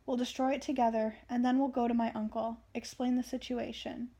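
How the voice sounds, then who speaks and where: A woman reading aloud the lines of a calm, persuasive young witch in a plain read-aloud manner. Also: a little high, brisk, breathy edge. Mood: earnest.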